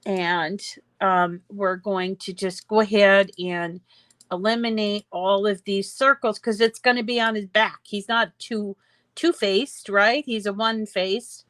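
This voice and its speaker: A woman walks through a craft project step by step at a slow, unhurried pace, with plenty of small fillers as she goes. Her voice sits close and dry on a desk mic, with no room sound around it. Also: mid-range voice, fairly even intonation, fairly bright tone, dry recording. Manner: chatty, explains step by step with fillers. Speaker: craft tutorial host. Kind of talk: screen-share craft tutorial.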